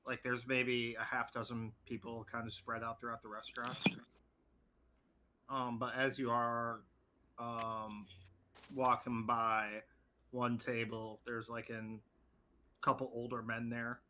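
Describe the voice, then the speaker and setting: A man's voice: medium pitch, little pitch movement, slow pace, pauses often, sharp tone, slight background noise. A man narrating as game master in a casual tabletop game, swearing freely.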